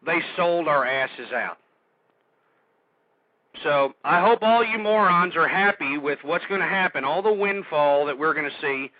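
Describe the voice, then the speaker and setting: A man hosting a radio show, ranting angrily and shouting insults at his listeners. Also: fairly high pitch, animated, a little slow, no echo, narrow, tinny audio. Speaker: radio host. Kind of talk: angry political rant.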